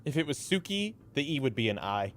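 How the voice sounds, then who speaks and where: A man co-hosting a let's play with sarcastic, excitable commentary and swearing. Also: medium pitch, brisk. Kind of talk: casual gameplay commentary.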